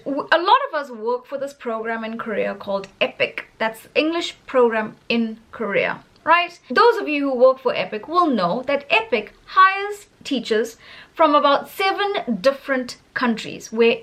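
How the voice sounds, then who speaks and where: Emphatic South African woman vlogging, high-pitched and bright, in her thirties. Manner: animated, emphatic, laughs often. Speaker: English teacher in Korea. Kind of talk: casual opinion vlog.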